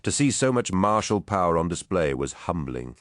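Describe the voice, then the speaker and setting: A man reading an audiobook in steady, measured scripted narration on a close studio mic. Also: low-pitched, no room sound.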